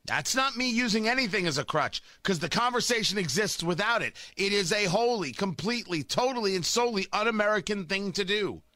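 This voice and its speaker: A man's voice: high voice, animated, a little fast, hardly any pauses, pushed and bright, dry recording. A man delivering a sarcastic, combative opinion monologue as a talk show host.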